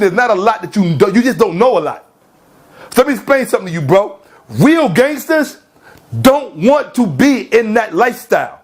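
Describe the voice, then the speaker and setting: A man with a strikingly high-pitched voice delivers a confrontational rant aimed at a rival. He scolds in slang-heavy street talk and keeps hammering his points with repeated questions. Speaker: online commentator. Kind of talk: heated rant addressed to a rival.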